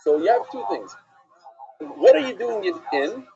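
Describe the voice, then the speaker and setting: A rabbi leads a live-streamed Talmud class, a man putting questions to his listeners and answering them himself. His voice is high and mellow, with a swooping, animated delivery. The sound is husky and comes through dull, lo-fi stream audio. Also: a little slow.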